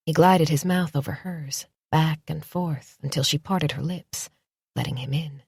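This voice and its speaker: Low, husky woman reading a romance. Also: measured pace, darkish tone, no room sound, studio quality. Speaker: audiobook narrator. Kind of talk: romance audiobook narration.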